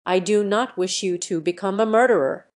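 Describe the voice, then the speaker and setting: A gentle, earnest young woman pleads softly, as a synthetic audiobook voice reads her. Her voice stays at a mid pitch. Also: normal speed, lightly acted. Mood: pleading.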